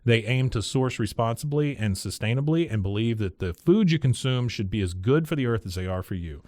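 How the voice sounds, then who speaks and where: A man's voice: medium pitch, lively intonation, a little fast, a little mellow, no echo, clean studio sound. A man co-hosting a podcast, reading a sponsor spot in a chatty, conversational way. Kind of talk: casual ad read.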